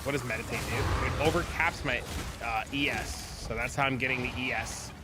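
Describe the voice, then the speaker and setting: A man streaming a video game, rambling and thinking out loud as he talks through builds. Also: medium pitch, brisk, very noisy. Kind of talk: casual gameplay commentary.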